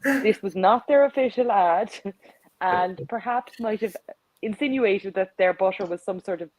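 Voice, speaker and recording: A woman, a panelist on a sports talk show, measured and wry. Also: medium pitch, darkish tone, no room sound, poor audio. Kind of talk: casual panel chat.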